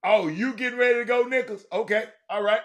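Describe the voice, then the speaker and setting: A man's voice: high-pitched, brisk, fairly bright tone. A man hosting a sports talk stream from a room at home, chatting loosely and calling out viewers by name. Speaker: sports talk show host. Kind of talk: casual live-stream chat.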